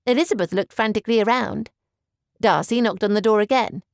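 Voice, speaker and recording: A woman reads an audiobook aloud in measured, even narration. Her voice carries a gravelly texture, and the recording is dry and close, with no room sound. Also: mid-range voice, no room sound. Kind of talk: scripted narration.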